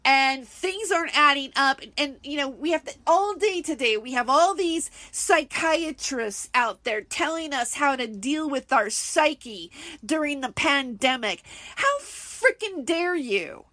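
High, bright-voiced woman ranting. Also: unhurried, dry recording. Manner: indignant, heated, rambling with fillers. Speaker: podcast host. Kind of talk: solo podcast rant.

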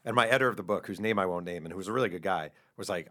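A middle-aged man, an author being interviewed, telling animated stories in a casual chat and laughing along with his own anecdotes. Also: low voice, rapid-fire. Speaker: author guest.

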